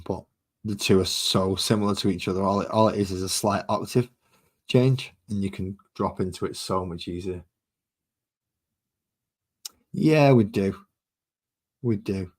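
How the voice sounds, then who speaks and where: A man with a slightly low voice and a Manchester accent, talking in a loose, rambling way. He chats easily to his stream audience as he works through a painting session. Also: unhurried, pauses often, husky. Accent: Mancunian. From Manchester, England. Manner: rambling and chatty while working. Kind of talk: casual live-stream chat.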